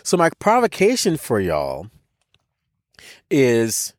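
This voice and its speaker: A man's voice: medium pitch, huge pitch swings, takes it slowly, dry recording, studio quality. A man with an American accent, a podcast co-host telling a personal story in casual conversation, emphatic, with many restarts and repeated words. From United States.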